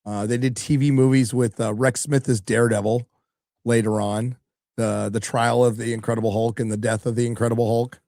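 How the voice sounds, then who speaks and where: A middle-aged man hosts a live stream in a loose, chatty way, cursing often as he reads out viewer messages. His voice sits at an ordinary pitch and is recorded dry and close to the mic. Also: little pitch movement, fairly quick, mellow, dry recording. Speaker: livestream host reading donations. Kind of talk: casual live-stream chat.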